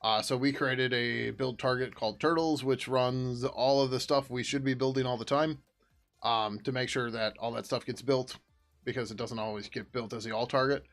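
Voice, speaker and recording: A middle-aged man talks loosely while he codes on a livestream, drifting between thoughts with fillers and the odd curse. His voice sits in a plain middle pitch. Faint music and keyboard clicks run under him. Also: fairly even intonation, moderate pace, fairly bright tone. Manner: rambling, casual, swears, hums to himself while working. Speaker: livestream host and software developer. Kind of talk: casual coding livestream chat.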